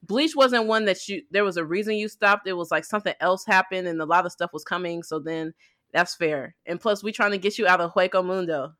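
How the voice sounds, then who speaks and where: Woman podcast co-host, bright voice, chatty, rambling, casual. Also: lowish voice, a little fast. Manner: chatty, animated, rambling with fillers like "like". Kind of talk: casual chat about anime.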